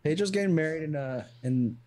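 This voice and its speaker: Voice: medium pitch, expressive, a little fast, crowd noise. A co-host in a casual group chat, playfully relaying messages from viewers. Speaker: streamer co-host.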